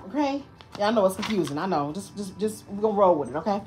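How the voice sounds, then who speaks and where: A woman's voice: mid-range voice, fast, soft background music. A young woman from Michigan vlogging in a casual, sassy way, calling her viewers girl and baby. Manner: animated sing-song story-time voice for a child. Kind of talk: casual vlog chat.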